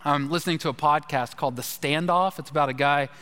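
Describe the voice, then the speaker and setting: A man's voice: a little high, fast talker, fairly bright tone, clean tone. A man preaching a sermon in a loose, conversational way, telling stories with asides to the congregation. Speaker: pastor. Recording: long reverb of a large hall.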